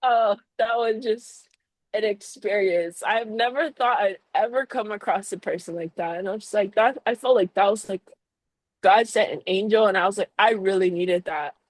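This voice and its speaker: A woman's voice: mid-range voice, moderate pace, no echo, rough recording. A young woman, a baker and business owner, telling a heartfelt personal story on a podcast, full of "like" fillers. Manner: emotional, heartfelt, lots of "like" fillers.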